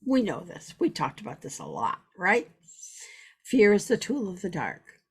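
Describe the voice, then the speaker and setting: A woman's voice: medium pitch, wildly swooping pitch, measured pace, slightly rough. A woman spiritual teacher giving an earnest, repetitive teaching talk, weaving in personal stories.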